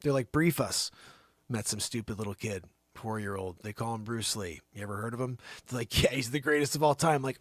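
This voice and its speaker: A man hosting his own livestream and riffing an improvised comedy bit, lurching from loud outbursts down to near-whispers. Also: medium pitch, a little fast, no echo. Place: home studio.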